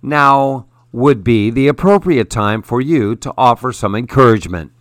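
A man voicing a kindly elder woman who speaks gently and encouragingly. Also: mid-range voice, expressive, moderate pace, no echo, studio quality, close to an everyday voice.

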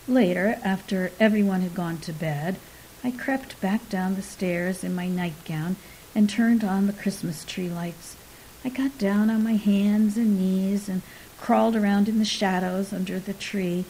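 Woman reading stories in a mellow voice. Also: on the low side, poor audio. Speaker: story reader. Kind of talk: scripted narration of short stories. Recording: faint hiss behind voice.

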